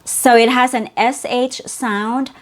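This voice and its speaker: A woman whose first language is Cebuano, teaching an English pronunciation lesson and slowly repeating sounds and words for the learner. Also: on the high side, fairly even intonation. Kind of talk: slow, clear pronunciation lesson.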